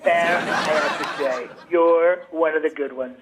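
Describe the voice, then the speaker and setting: A blustering, self-satisfied billionaire president, as a man puts him on, clueless and rambling, in a comedy sketch phone call. The voice sits high for a man, and a steady hiss of noise runs under it on this broadcast recording. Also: unhurried, lightly acted. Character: brash, boastful, clueless male billionaire president. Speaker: sketch actor.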